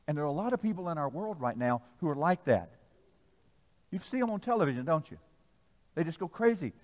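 A preacher man with a high voice delivers a sermon that swings from loud exhortation to hushed asides, drawing answers from his congregation. His voice rings out in a hall with a long reverb. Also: very animated, fairly quick, pauses often. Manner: swings between loud exhortation and soft asides, audience call-and-response. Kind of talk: sermon with storytelling.

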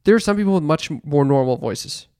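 A man co-hosting a podcast, chatting casually and wryly, sometimes slipping into a slow, low, relaxed voice. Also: smooth, dry recording, studio quality. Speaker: podcast co-host. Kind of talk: casual chat.

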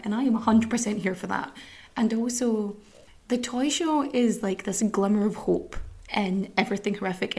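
A woman's voice: mid-range voice, darkish tone. An Irish woman hosting a podcast from home, chatting casually, swearing freely and drifting into asides. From Ireland. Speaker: podcast host. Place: home room with a cat.

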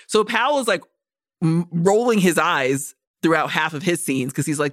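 A woman's voice: fairly low pitch, normal speed, no echo, studio quality. A woman co-hosting a casual movie-review podcast, ranting with lots of swearing. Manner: animated, profane ranting with acted-out quotes. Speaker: podcast co-host.

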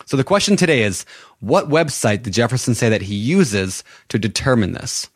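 Upbeat podcast co-host dude plugging stuff, dry close sound, pretty mid voice. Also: male voice, medium pitch, lively intonation, moderate pace, husky, no echo. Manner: upbeat, promotional. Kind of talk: casual podcast chat.

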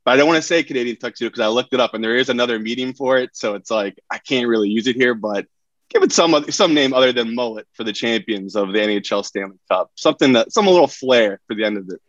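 A man's voice: mid-range voice, fast talker, no room sound, dull audio. A man competing as a contestant on a podcast game show, rambling and self-mocking. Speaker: contestant, pro gambler. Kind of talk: casual game show banter.

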